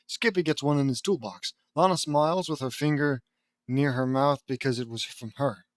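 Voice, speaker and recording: A man's voice: medium pitch, normal speed, dry recording. A man reading a fan-fiction audiobook aloud in a casual way, breaking off for amused asides to himself. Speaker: audiobook reader.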